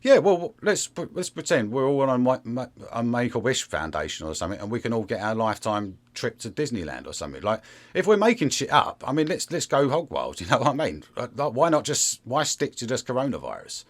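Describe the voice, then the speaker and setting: A man in a casual interview chat, talking in a sarcastic, animated way and slipping into mocking voices. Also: medium pitch, a little fast.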